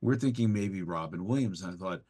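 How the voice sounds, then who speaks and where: A man, a guest voice actor, telling animated, theatrical anecdotes in an interview. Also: deep voice, fairly quick, breathy edge. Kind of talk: interview storytelling.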